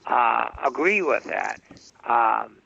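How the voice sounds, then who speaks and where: A man's voice: medium pitch, expressive, takes it slowly, gravelly, pushed and bright, slightly rough, muffled recording. A man who is a guest author, explaining things in a casual interview with frequent fillers.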